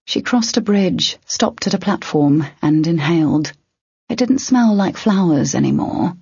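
A woman narrating an audiobook in a steady, measured way. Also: on the low side, creaky, husky, no room sound. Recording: dry, dull lo-fi.

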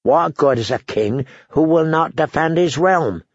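A man voicing an anxious, bookish young male steward who muses to himself in a low, inward voice. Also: expressive, measured pace, dry recording. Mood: brooding. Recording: dry, slightly dull recording.

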